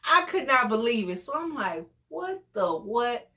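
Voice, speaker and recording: A woman in her forties telling a story casually, animated and exclamatory, often breaking into laughter. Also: fairly high pitch, unhurried. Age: 40s. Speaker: storytime vlogger.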